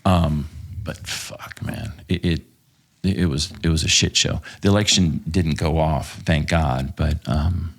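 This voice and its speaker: A man's voice: very deep voice, fairly even intonation, measured pace, creaky, few pauses. A man from Texas, a podcast guest and former police officer, telling stories casually with lots of swearing and "um"s. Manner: profane, hesitant with many fillers. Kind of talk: casual storytelling.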